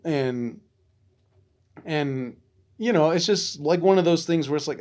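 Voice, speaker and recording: A man's voice: on the high side, unhurried, long pauses, darkish tone. A man from Arizona hosting a veterans podcast, telling a story casually with loose, profane, frustrated asides.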